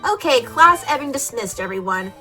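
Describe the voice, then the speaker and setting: A woman voices a young, casual goth teacher, her voice on the high side, bright, and forceful. She speaks expressively at a moderate pace over soft background music.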